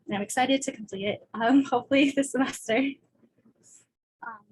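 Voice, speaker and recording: Nervous young woman talking fast. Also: fairly high pitch, slight background noise, poor audio. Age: young adult. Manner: rushed, nervous, candid. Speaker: student panelist. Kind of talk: casual panel talk. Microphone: video call.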